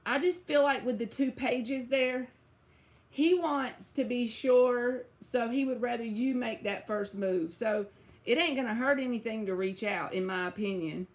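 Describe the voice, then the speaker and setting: A woman's voice: a little high, a little slow. Chatty woman reading tarot. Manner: casual, chatty, uses y'all and bruh. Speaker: tarot reader. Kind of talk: live-stream tarot reading.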